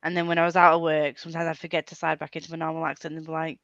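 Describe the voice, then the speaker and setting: Laughing Yorkshire woman with a bright voice. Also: sits low, level tone, no room sound, dull audio. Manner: chatty, laughs often, quick storytelling. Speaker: book friend on a call. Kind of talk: casual chat. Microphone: video call.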